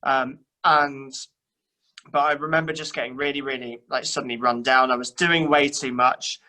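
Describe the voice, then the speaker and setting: A man's voice: medium pitch, fairly even intonation, moderate pace, pushed and bright, low-quality recording. A young man, a church youth worker, chatting casually and self-deprecatingly, with many fillers and restarts. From England. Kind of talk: casual chat.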